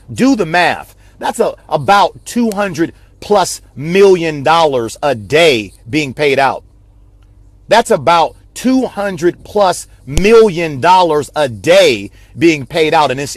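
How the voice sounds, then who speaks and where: A man's voice: on the high side, sing-song, slow pace, no echo. A man giving a passionate, repetitive motivational talk on a live video stream, like a preacher. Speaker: network marketing speaker.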